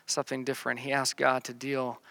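A man preaching a sermon, reading scripture verses slowly and then explaining them in plain talk, often repeating words as he restarts. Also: medium pitch, monotone, gravelly, bright, forceful tone, dry recording. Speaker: pastor. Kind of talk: sermon teaching through a psalm.

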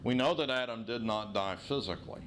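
Middle-aged guy preaching, earnest teacher vibe, slows down on the big points, bit of faint room noise behind. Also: medium pitch, fairly bright tone. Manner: earnest teaching tone, slows and stresses key phrases. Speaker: pastor. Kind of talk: sermon.

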